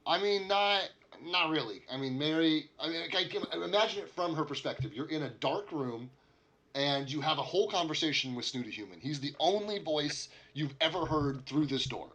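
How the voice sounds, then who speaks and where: A man's voice: on the high side, animated, normal speed, a bit bright, dull audio. A man acting as game master, explaining and narrating with many restarts. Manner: rambling, many fillers and restarts.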